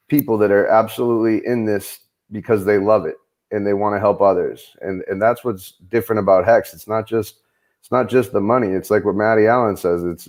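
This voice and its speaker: A man's voice: lowish voice, darkish tone. A man speaking earnestly on a live chat show, rambling with many restarts. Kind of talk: casual chat.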